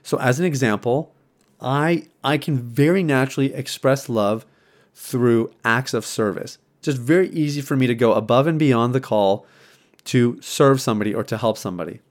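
A man's voice: mid-range voice, moderate pace. Earnest married man talking on a podcast. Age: adult, married. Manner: earnest, conversational, many restarts and fillers. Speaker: podcast host. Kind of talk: reflective casual monologue.

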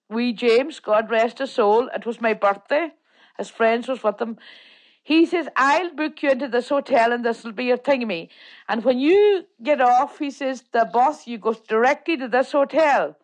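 An older woman with a Donegal Irish accent, telling plain-spoken, self-mocking stories as an interview guest. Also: a little high. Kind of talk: casual storytelling.

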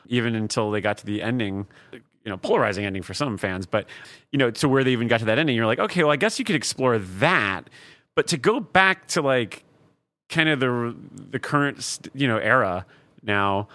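Stammering man on a podcast, bright dry voice. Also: fairly low pitch, animated, fairly quick, no echo. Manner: hesitant, stammering restarts. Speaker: podcast co-host. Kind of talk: casual chat.

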